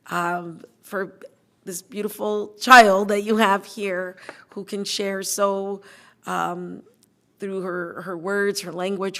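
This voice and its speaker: Bright-voiced woman chairing a meeting. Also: medium pitch. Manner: warm, measured, halting with fillers. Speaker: committee chair. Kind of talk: public meeting remarks. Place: board meeting room.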